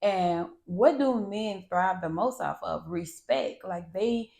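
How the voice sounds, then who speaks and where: A woman podcast host talking straight from the heart, blunt and animated. She swears freely and keeps checking in with her listener. Her voice sits at an ordinary middle pitch. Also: takes it slowly, vocal fry. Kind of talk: candid monologue.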